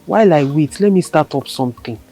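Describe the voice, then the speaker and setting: A woman's voice: deep voice, lively intonation, brisk, dark tone, soft background music. A Nigerian woman acting as a wife left at home who plans to start a business. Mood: hopeful. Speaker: wife whose husband left for the city. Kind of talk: Nollywood film acting.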